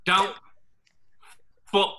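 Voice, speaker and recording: A man performs a raccoon loan shark with a Cockney accent in a sketch read over a video call. He speaks very slowly in a sharp, bright voice, with clipped broken grammar. Each threat is delivered calmly. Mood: threatening. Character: menacing raccoon loan-shark mogul, male, cold and threatening.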